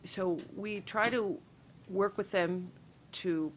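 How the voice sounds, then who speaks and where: A woman's voice: mid-range voice, fairly even intonation, slow, slight background noise. A woman panelist answering carefully and hesitantly, with many fillers.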